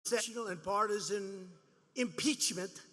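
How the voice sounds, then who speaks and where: A man's voice: high voice, a little slow, long reverb tail, noisy background. A man in his seventies giving a rambling, boastful, mocking campaign rally speech, repeating his phrases. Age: 70s. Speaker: politician speaking at a rally. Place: large rally venue.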